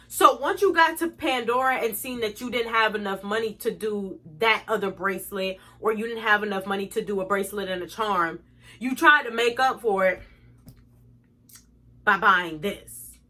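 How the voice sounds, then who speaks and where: A woman's voice: on the high side, pushed and bright. A young woman telling a storytime to her viewers, blunt, profane and indignant as she rants. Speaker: vlogger. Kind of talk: storytime rant.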